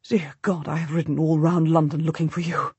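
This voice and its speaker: A woman voicing an anxious, devoted noble husband in an audiobook, speaking low and urgently. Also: little pitch movement, fairly quick, darkish tone, breathy edge, no room sound, highs cut off, heavily acted. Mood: relieved. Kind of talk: audiobook character voice.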